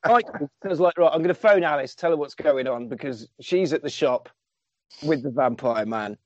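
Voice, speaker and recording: Here the man's voice leans high, and he talks at a measured pace with frequent pauses while recounting a film for his podcast. It's a relaxed chat, full of acted-out dialogue and free swearing. The highs are cut off in the audio.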